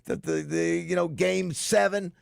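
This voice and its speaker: A man hosting a casual radio show, halting and repeating words as he talks. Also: sits high, vocal fry, dry recording, studio quality. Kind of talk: casual sports radio banter. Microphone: studio microphone.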